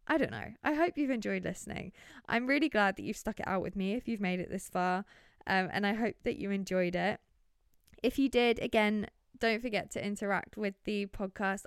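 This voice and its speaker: A woman's voice: mid-range voice, clean tone, no echo, studio quality. A young woman hosting a solo podcast, rambling in a chatty, giggly way full of wonder, recorded on her bed in her bedroom. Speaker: podcast host.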